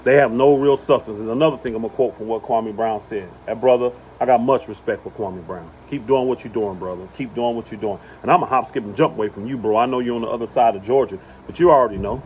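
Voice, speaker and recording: A man with a drawl preaches outdoors at a middle pitch, repeating key lines to drive them home. Faint background noise hums behind his emphatic delivery. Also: fast talker, hardly any pauses, darkish tone. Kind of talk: impassioned religious monologue. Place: outdoors on rural property.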